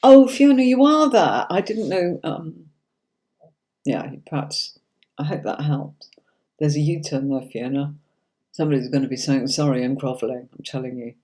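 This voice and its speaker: A middle-aged tarot reader runs a casual livestream, speaking in an extremely low, mellow voice with a steady tone. She talks at a normal speed but pauses often. She reads viewers' comments aloud, addresses them by name, and often calls them darling or sweetie.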